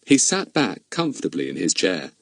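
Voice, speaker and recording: A man narrating a children's audiobook with expressive storytelling. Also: deep voice, moderate pace, husky, dry recording. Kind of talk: scripted narration.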